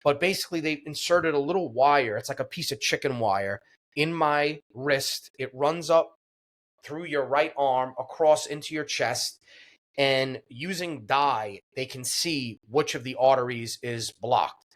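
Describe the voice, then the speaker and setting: A man of ordinary mid-range pitch tells a personal story to a podcast host. His delivery is earnest and conversational, full of fillers and restarts. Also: measured pace, a bit bright. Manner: earnest, vivid retelling with many fillers and restarts. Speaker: podcast guest.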